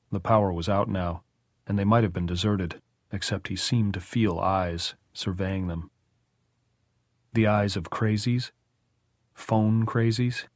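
A man narrating an audiobook in measured, even storytelling. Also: low-pitched, no room sound, clean studio sound. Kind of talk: scripted narration.

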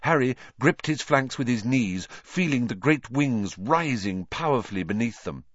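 A man's voice: mid-range voice, expressive, normal speed, no room sound, highs cut off. A man narrating an audiobook, reading expressively and voicing the characters.

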